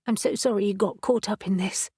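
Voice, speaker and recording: A woman's voice: medium pitch, steady tone, fairly quick, mellow, breathy edge, dry recording, studio quality, close to an everyday voice. A woman reading a tense, shaken but determined woman.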